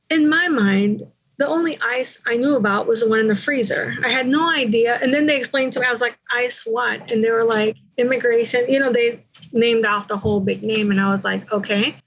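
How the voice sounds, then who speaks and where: A woman's voice: fairly high pitch, fairly quick, a bit bright, highs cut off. A woman from Panama candidly telling her own story in an interview, in a conversational way. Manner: candid, conversational, with many you-knows.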